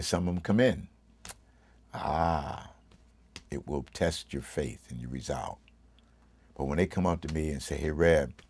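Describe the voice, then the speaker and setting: A middle-aged man with an extremely low, husky voice tells a heartfelt testimony the way a pastor preaches, pressing hard on his words. His emotion runs close to the surface. The sound is dry, with no room around him. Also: darkish tone, dry recording. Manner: emphatic, preacherly delivery; emotional, tearful at times.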